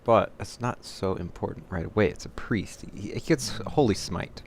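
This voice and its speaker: A man giving live commentary on his own card game, thinking his moves through aloud and getting excited or laughing at his own mistakes at his home computer. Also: fairly low pitch, moderate pace, a little hiss or hum. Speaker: gameplay commentator.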